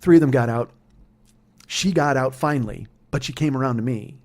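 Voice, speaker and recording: A man's voice: mid-range voice, normal speed. A man hosting a comedy podcast, telling a story in a profane, heated ranting manner. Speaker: podcast host.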